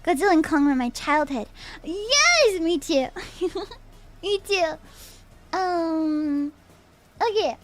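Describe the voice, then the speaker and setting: Bubbly high-voiced woman streamer. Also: expressive, takes it slowly, long pauses. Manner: bubbly and playful, laughs often, repeats phrases. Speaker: VTuber streamer. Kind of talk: casual live-stream chat, reading chat aloud.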